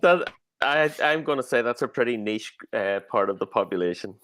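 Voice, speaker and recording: A man's voice: mid-range voice, expressive, moderate pace, fairly bright tone. A man appearing as a guest on a casual live stream, asking polite, curious questions.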